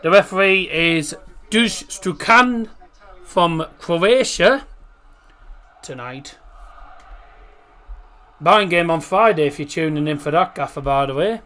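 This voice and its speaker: A man's voice: a little high, takes it slowly, long pauses, bright, forceful tone. A man hosting a casual live football watchalong stream, reading out lineups and chatting with viewers. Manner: chatty, reads out chat messages and team lineups.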